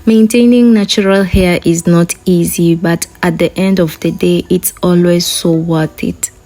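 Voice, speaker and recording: A young woman with a hoarse voice from a sore throat, chatting casually to her viewers in a vlog. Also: lowish voice, fairly even intonation, a little slow, dark tone, faint music behind. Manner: chatty, addresses viewers directly. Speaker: vlogger.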